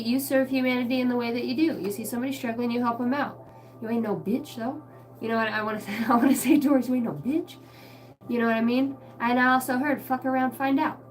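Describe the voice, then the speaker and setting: Blunt, profane woman reading tarot. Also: a little high. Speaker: tarot card reader. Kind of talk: casual livestream reading.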